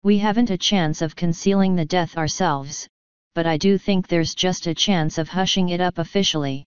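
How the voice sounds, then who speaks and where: A woman's voice: on the low side, normal speed, clear, resonant tone, dry recording, dull audio, close to an everyday voice. A woman reading the part of a decisive, incisive English mother.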